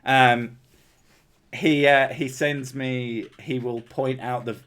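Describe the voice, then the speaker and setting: A man with a southern English, Home Counties accent chats on a livestream. He jokes loosely and swears constantly. His voice sits at an ordinary middle pitch. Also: fairly even intonation, takes it slowly, a bit bright. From Home Counties, England. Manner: swears a lot, loose and joking. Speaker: streamer host. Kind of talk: casual livestream chat.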